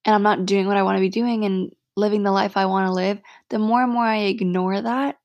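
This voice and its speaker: A woman's voice: mid-range voice, fairly even intonation, brisk, darkish tone, no room sound. A young woman hosting a solo podcast, talking frankly and from the heart, swearing freely and saying "like" a lot. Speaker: podcast host. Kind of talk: casual solo podcast monologue.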